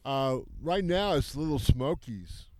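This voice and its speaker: A man who organizes a festival, answering interview questions in a halting way, repeating words and restarting. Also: mid-range voice, animated, darkish tone, no echo. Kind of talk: casual interview.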